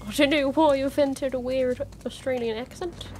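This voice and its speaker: A woman's voice: high-pitched, steady tone, normal speed, a little hiss or hum. A young woman chatting her way through a video game, exclaiming often and giggling between remarks. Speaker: gaming YouTuber. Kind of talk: casual let's-play commentary.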